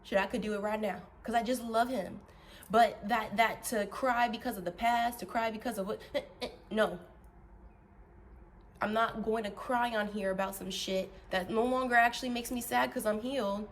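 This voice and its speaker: A woman ranting bluntly and profanely to her vlog audience, heated and animated, swinging between loud and soft. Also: fairly high pitch, a little fast, a little hiss or hum. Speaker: vlogger.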